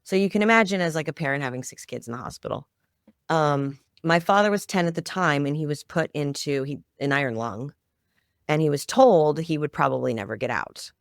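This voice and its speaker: A woman's voice: low voice, brisk, dry recording, clean studio sound. A middle-aged woman, a guest on a podcast, telling a family story in a heartfelt, emotional way. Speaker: guest, founder of a children's music project. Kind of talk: conversational storytelling interview.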